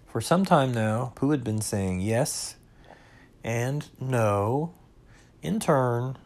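A man reading a children's storybook aloud, slow and expressive. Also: mid-range voice. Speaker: reader.

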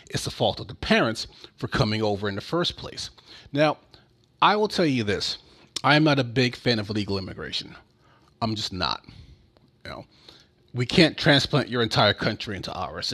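Man, blunt and sarcastic ranting, casual commentary, mid-pitched voice, profane. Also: a bit bright, slightly rough. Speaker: political commentator.

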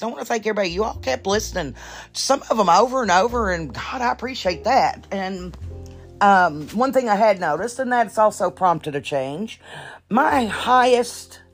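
A woman hosting her own podcast in casual chat, blunt and profane, a little nervous and halting. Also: mid-range voice. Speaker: podcast host.

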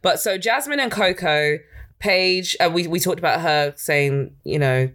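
A woman's voice: lowish voice, a little slow, fairly bright tone. A young woman hosting a podcast, chatting and gossiping with a friend, giggling often. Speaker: podcast host. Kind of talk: casual chat.

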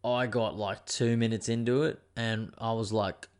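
A man's voice: fairly low pitch, steady tone, normal speed, clear, resonant tone. A young man, hosting a casual monologue show. He rambles and digresses and swears freely. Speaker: podcast host.

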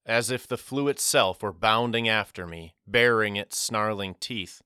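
A man narrating an audiobook in a measured first-person telling. His voice sits low but bright and crisp, with a close, dry sound. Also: no room sound. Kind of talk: scripted narration.

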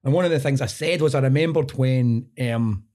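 A man's voice: mid-range voice, a little fast, darkish tone. A man, a DJ and writer, telling thoughtful stories in a casual chat. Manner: thoughtful, recounts quotes. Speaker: guest, DJ and writer. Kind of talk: casual chat, reflective storytelling.

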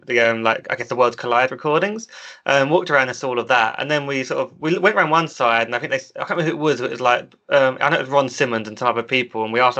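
A man's voice: mid-range voice, bright, forceful tone, highs cut off. A man eagerly retelling a story in a casual chat. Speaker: podcast co-host.

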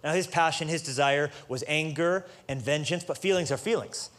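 A man's voice: on the high side, moderate pace, fairly bright tone. A male pastor preaching a casual, joking sermon in street-level language, building to emphatic peaks.

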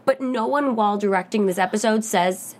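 A woman's voice: mid-range voice, a little fast. A woman co-hosting a fan recap show, voicing critical opinions in casual chat. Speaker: co-host.

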